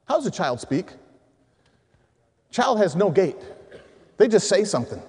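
High-voiced preacher in a reverberant hall. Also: male voice, fairly quick, long pauses. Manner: storytelling, animated, acts out voices in anecdotes. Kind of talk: sermon to men.

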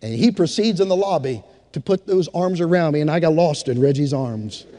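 A man's voice: a little high, expressive, brisk, warm tone, big-room sound, slight background noise. A man preaching a sermon, telling a story and then rising into fervent exhortation to his congregation. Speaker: pastor.

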